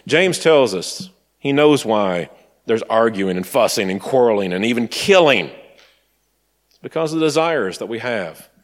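A man from Tennessee preaches in a relaxed, storytelling way. His pitch moves a lot, and he sometimes drops into quiet asides. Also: normal speed. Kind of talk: sermon.

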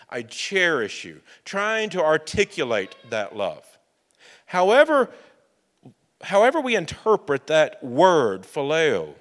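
A man delivers a sermon at a slow, deliberate pace, with pauses for reflection. His voice sits a little higher than most men's. Long reverb from the church hall trails after his words. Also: fairly bright tone. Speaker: pastor.

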